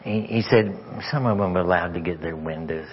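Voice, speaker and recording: A deep-voiced male guest preacher with a husky, breathy tone tells a story in a church, stammering through repeated words. He often lowers to a near whisper for tender moments. The recording sounds dull and lo-fi. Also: fairly quick. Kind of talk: sermon storytelling. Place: church sanctuary.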